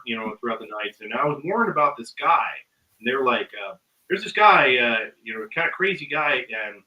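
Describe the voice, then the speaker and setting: A guest musician with a somewhat high, bright, forceful voice tells a long, rambling story in casual chat, full of ums and uhs, acting out people's voices and laughing through the quotes. He's far from the mic and the audio is poor.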